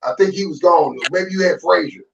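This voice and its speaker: A man in his fifties, a guest telling his own story in a relaxed, animated way, acting out what others said. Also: high voice, a little fast, vocal fry, a little hiss or hum. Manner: animated, acts out quoted voices. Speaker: guest, former football player. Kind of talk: casual storytelling. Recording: distant, dull remote audio.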